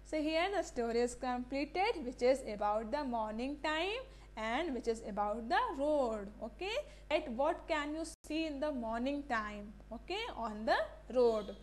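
A woman teacher with an Indian English accent explains a story to small children. Her voice sits high and she speaks at an unhurried pace. She keeps checking in with questions and repeats key words. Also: animated. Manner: asks the class rhetorical questions and repeats words slowly. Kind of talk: classroom lesson reading a story to young children.

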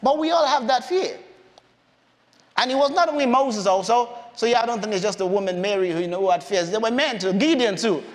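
A man's voice: high-pitched, expressive, brisk. A man preaching a conversational sermon in a church hall. He acts out the voices of Bible characters in his own voice.

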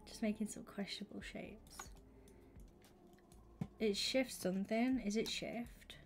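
A young woman livestreaming a game, chatting with her viewers and thinking out loud, often slipping into a whisper. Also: mid-range voice, slow, a little hiss or hum. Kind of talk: casual gaming stream chat.

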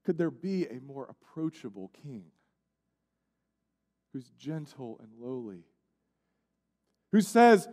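Man preaching, fairly high voice, long church reverb, loud then hushed delivery. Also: animated, a little slow, long pauses. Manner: preaching with wide swings from loud emphasis to hushed near-whisper. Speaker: pastor. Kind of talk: sermon. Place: church sanctuary.

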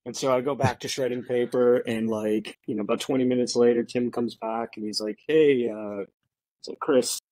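A man in his forties tells stories in a loose, animated way, stacking fillers and false starts. His voice sits at an ordinary middle pitch. The recording is dry and close. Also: brisk, few pauses, no room sound, poor audio. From Florida. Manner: animated storyteller, many fillers and restarts, laughs easily. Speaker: guest, veteran and tech founder. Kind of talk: casual storytelling interview.

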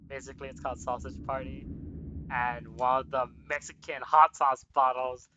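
A man's voice: mid-range voice, flat delivery, moderate pace, bright, forceful tone, lo-fi sound, a little hiss or hum. A man chatting casually with a friend while gaming, laughing often and trading playful jabs. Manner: laughs a lot, playful banter.

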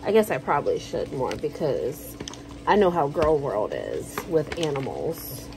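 A woman's voice: sits low, big pitch swings, unhurried, noisy background. A woman vlogger chatting casually to camera at home, telling stories in a slangy, joking way. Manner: chatty, slangy, jokey storytelling.

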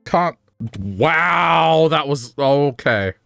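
A man's voice: lively intonation, extremely slow, gravelly, fairly bright tone, no room sound, soft background music. Male streamer, casual and jokey, dry close sound. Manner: playful, jokey, pitching silly cons. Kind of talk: casual gaming stream chat.

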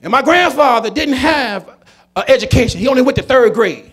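A man, a comedian telling a story to an audience, preachy and emphatic, building to shouts. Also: extremely high pitch, lively intonation, fairly quick. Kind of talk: storytelling talk to a conference audience.

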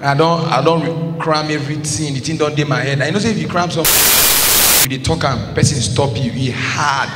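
A man's voice: fairly high pitch, steady tone, a little fast. A Nigerian man telling a comic story in Pidgin at a stand-up show, often laughing as he talks. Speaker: stand-up comedian. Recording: echoey hall with clear noise.

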